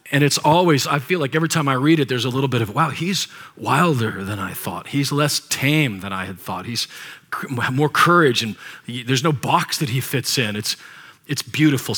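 A man's voice: fairly high pitch, pushed and bright, husky. A man preaching a sermon as pastor, reading scripture aloud and adding casual, joking asides to the congregation. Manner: reads scripture aloud with commentary.

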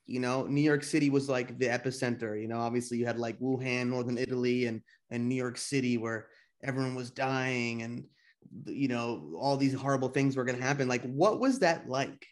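A man hosting a podcast, asking questions in a relaxed, loose way with casual swearing. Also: mid-range voice, fairly quick. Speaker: podcast host.

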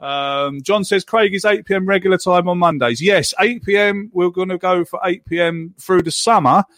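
A man's voice: high-pitched, normal speed, a bit bright, no room sound, studio quality. A man hosting a casual football podcast, chatting and moderating the live chat. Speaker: podcast host.

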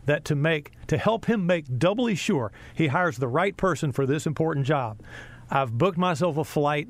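A man's voice: on the high side, normal speed. A middle-aged American sports broadcaster, a man telling a story in an interview and acting out the people he quotes. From USA. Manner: animated storyteller, acts out quotes.

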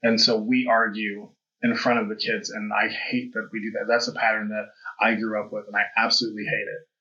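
A man's voice: on the low side, flat delivery, a little fast, bright, forceful tone. A man hosting a podcast, talking candidly and reflectively, with frequent fillers. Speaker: podcast host. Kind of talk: casual conversation. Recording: dull lo-fi audio.

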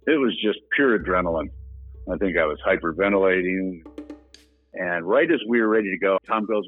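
A man's voice: deep voice, fairly quick, faint music behind. A man telling his own story in a plainspoken, casual way, laughing now and then. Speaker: interview guest. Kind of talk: casual recounting. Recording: dry phone-like line.

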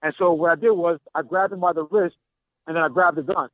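A man's voice: on the high side, fairly even intonation, fast, no room sound. A man calling in to a talk show from a gym, animatedly retelling a confrontation and acting out the dialogue. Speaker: caller. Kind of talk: phone-in storytelling. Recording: tinny dry phone line.

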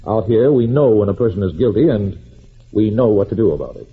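A man's voice: on the low side, brisk, slight background noise, natural voice. An actor playing a smug, pushy male district attorney in a 1940s radio drama, curt and self-assured. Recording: tinny old radio broadcast.

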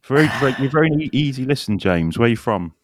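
A man from Lincolnshire hosting a golf podcast, chatting in a jokey, teasing way with quick asides. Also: mid-range voice, expressive, no room sound, clean studio sound. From Lincolnshire, England. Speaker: podcast host. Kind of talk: casual podcast chat.

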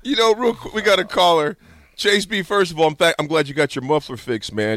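A man hosting casual sports talk radio, excitable, laughing easily and calling everyone "man". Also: a little high, brisk, no room sound. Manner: excitable, laughs often, calls people "man". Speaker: radio host.

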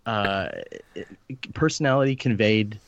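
A man's voice: on the low side, unhurried, lo-fi sound, slight background noise. A man discussing a film on a podcast, enthusiastic and full of fillers and restarts. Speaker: podcast panelist.

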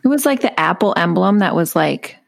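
A woman's voice: lowish voice, animated, fairly quick, vocal fry, dry recording, clean studio sound. A woman co-hosting a casual podcast chat, teasing and joking. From Minnesota. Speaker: podcast co-host.

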